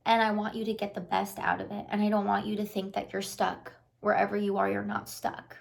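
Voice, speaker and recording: Earnest woman with a gravelly edge. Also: mid-range voice, flat delivery, fairly quick. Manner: earnest, repetitive encouragement; casual, with frequent "like" fillers. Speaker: lifestyle vlogger and life coach. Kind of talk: motivational talk to camera.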